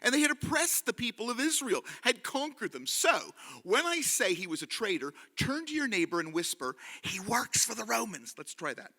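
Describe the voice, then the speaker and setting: A man telling a story live to an audience in a hall, animated and leading them in call-and-response. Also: very high voice, moderate pace.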